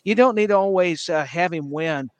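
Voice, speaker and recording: At a moderate pace, this wrestling podcast co-host chats casually and enthusiastically, going on at length with fillers and repeated words. His voice sits high, the tone is clean, and there's no room sound.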